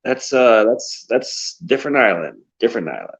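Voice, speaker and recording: A man's voice: mid-range voice, big pitch swings, normal speed, husky. A man over thirty chatting casually on a live stream, hesitant, often stammering and restarting. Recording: dull, lo-fi sound.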